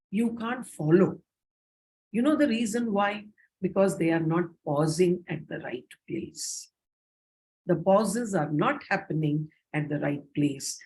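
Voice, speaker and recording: A woman with an Indian English accent who speaks slowly and deliberately. She trains teachers in a patient, explanatory way and models rising and falling tones as she talks. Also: medium pitch, darkish tone. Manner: slow, explanatory, demonstrates intonation aloud.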